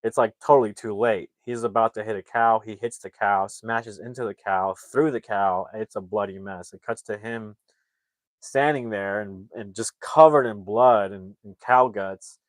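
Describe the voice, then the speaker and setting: A man's voice: on the low side, steady tone, moderate pace, dry recording. A man casually recapping a film's plot, rambling with lots of filler words. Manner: rambling, filler-heavy storytelling. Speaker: movie reviewer.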